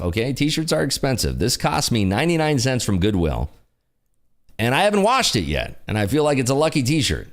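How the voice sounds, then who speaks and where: A man hosting a casual livestream, joking and teasing as he reads out the chat. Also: medium pitch. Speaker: livestream host.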